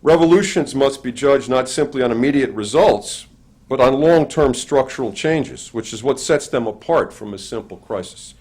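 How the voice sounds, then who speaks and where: An older man with a grandson, speaking as a panelist and giving an academic lecture in a measured, dryly humorous way. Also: medium pitch, expressive, a little mellow, slightly rough.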